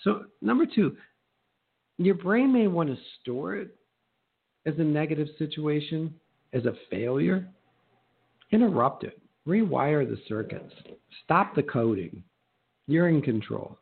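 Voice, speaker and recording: A middle-aged man coaching real estate agents in a motivational talk, lively and acting out little exchanges in shifting voices. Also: on the high side, unhurried, creaky, pauses often, husky. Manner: animated, acts out quoted exchanges in changing voices. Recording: narrow phone-like sound.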